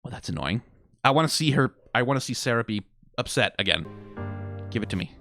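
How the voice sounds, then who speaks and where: A man casually reviewing songs, animated and quick to laugh, who swears freely. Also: mid-range voice, faint music behind. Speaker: song reviewer. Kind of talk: casual commentary.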